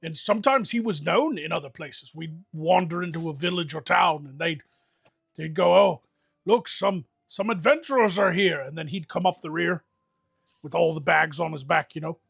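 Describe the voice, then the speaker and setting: A man hosting a livestream fantasy role-play, delivering a rambling, mock-solemn eulogy with animated comic timing. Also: on the high side, normal speed, gravelly, breathy edge. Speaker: host leading an improvised fantasy guild meeting.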